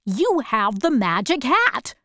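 A gentle, hopeful tin man, as a woman reads him, soft and a bit hushed. He speaks very slowly in a storybook reading, and the sound is close and dry. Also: a little high, big pitch swings, dry recording, full character voice.

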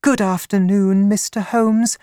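A man reading an audiobook, voicing a polite young woman with a raised, softer voice. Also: sits high, fairly even intonation, measured pace, smooth, no room sound, studio quality, pitched above the performer's own voice.

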